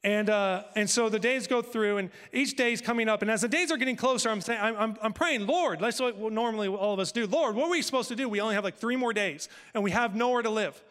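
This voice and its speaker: A male pastor telling a personal story in a sermon, acting out conversations with lively shifts of voice. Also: sits high, quick pace, hardly any pauses, clear, resonant tone, big-room sound. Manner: animated, acts out dialogue with God and his wife.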